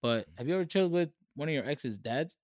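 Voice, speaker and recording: A man on a casual podcast, quick and playful, teasing his friends. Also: a little high, animated, no room sound. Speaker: podcast co-host.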